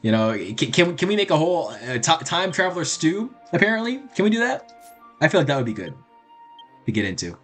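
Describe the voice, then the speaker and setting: A man's voice: a little high, sing-song, brisk, a bit bright, soft background music. Joking man streaming a game. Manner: crude, joking, rambling. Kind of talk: casual gameplay commentary.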